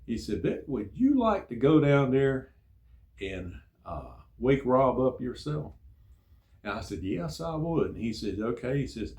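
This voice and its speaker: Older man telling a sea story. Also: on the low side. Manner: relaxed anecdotal delivery with quoted dialogue. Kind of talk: casual storytelling.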